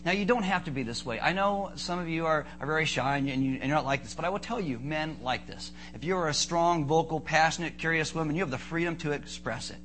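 Male pastor, high bright voice, playful animated preaching with comic asides, light background noise. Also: fast, hardly any pauses. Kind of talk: sermon.

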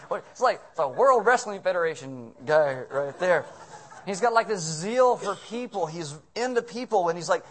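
A man preaching a comedic sermon as pastor, animated and full of casual asides and jokes. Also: high-pitched, unhurried.

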